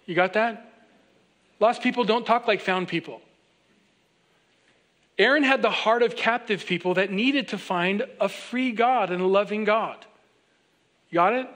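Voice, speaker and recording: A pastor with a high, light voice delivers a sermon in an easygoing, animated way. He speaks directly to the people in front of him and keeps checking that they follow along. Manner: conversational, animated preaching with repeated direct appeals to the congregation; acts out quoted voices of others.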